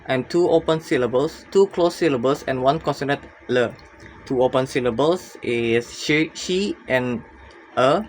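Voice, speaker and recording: Young male student, mid-pitched, reads his class presentation with some hesitation, faint noise behind. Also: low-quality recording. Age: young adult. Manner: careful reading with frequent uh fillers and restarts.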